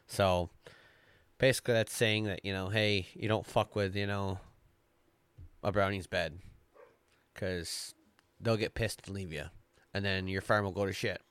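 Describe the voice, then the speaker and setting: A man hosting a casual podcast reads folklore aloud in a slow, unhurried way, tripping over words and filling gaps with ums. His voice is smooth and clear. It is close on the mic and bone-dry. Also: low voice, fairly even intonation, fairly bright tone, no room sound. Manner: slow, stumbling read-aloud with filler and cursing. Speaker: podcast host.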